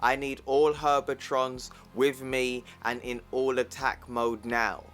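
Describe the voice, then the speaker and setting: A man voicing a stern scientist-soldier who becomes the Hulk, read plainly in an unhurried way, with soft music behind. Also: medium pitch, little pitch movement. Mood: commanding. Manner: read plainly like recap narration.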